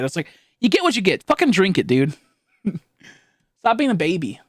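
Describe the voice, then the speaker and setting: A man's voice: high voice, big pitch swings, brisk, long pauses, no echo, clean studio sound. A young man streaming live, chatting casually and rambling with lots of swearing, fillers and restarts while he thanks viewers.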